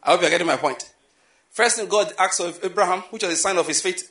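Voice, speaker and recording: A man preaching a sermon, animated and repetitive, full of rhetorical questions. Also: high voice, quick pace, reverberant. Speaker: pastor.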